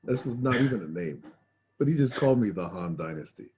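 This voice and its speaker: A man hosts a casual video call with a husky, warm, lowish voice. He tells stories calmly and with dry humor. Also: brisk. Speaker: study group host. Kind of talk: casual chat.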